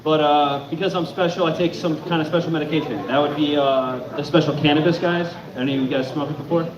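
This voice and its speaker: A man's voice: fairly high pitch, fairly even intonation, fast talker, crowd noise. A young man from Connecticut performing a crude, profane stand-up set on a club stage. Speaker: stand-up comic. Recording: echoey club room, dull sound.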